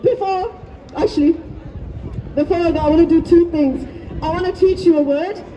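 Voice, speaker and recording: A woman's voice: extremely high pitch, steady tone, moderate pace, warm tone, a little hiss or hum. A woman giving an impassioned protest speech outdoors, leading the crowd in chants. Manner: fervent, leads crowd chants. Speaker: rally speaker. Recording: distant, dull lo-fi, faint crowd.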